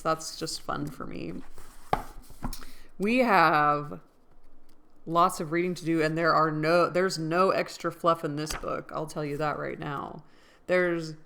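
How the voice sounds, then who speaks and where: A woman's voice: deep voice, vocal fry, fairly bright tone, slight background noise. A woman in a casual book vlog, musing aloud, questioning herself and joking at her own expense. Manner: playful, self-deprecating. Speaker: book vlogger. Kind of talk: casual chat.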